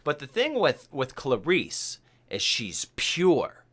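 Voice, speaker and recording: An excitable podcast host who chats casually and swears freely as he talks. His voice is bright and sharp, and his pitch swings up and down a lot. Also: slow pace. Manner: excitable and profane, acts out film quotes. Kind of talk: casual podcast chat about a film.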